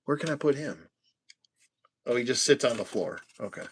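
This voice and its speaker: A man casually chatting and joking to himself as he builds toy figures on a livestream, sometimes dropping to a hushed whisper. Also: medium pitch, expressive, moderate pace, slightly rough. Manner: chatty, jokey, talks to himself while building. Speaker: toy collector host.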